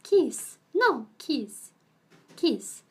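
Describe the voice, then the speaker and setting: Young woman streamer with a high pitch and a slow, rambling, chatty delivery. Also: very animated, a little mellow. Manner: rambling and chatty, with frequent laughs; switches to a high, cooing voice to talk to her pets. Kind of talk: casual chat with viewers.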